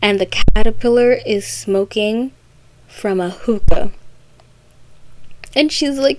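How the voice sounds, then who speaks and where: A woman's voice: a little high, slight background noise. Chatty young-sounding woman retelling a story. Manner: chatty, rambling, puts on quick character voices. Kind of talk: casual retelling of a book.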